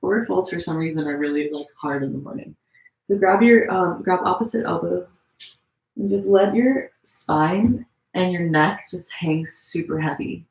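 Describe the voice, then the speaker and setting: A woman leads a gentle yoga flow in an echoey room at home, her voice sitting low. Her cues are relaxed and chatty, full of little fillers. She demonstrates each pose as she talks, and sounds a touch strained while holding them. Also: normal speed, creaky. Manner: demonstrating poses while talking. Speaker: yoga teacher. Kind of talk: live-streamed yoga class instruction.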